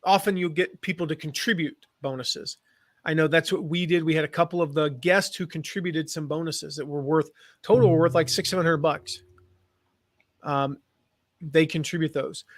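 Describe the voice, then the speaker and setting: A man's voice: on the high side, fairly even intonation, moderate pace, no echo. An American man who grew up in the Midwest and South, teaching affiliate marketing in a rambling, casual live-stream chat. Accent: General American. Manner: chatty, rambling, with fillers and restarts.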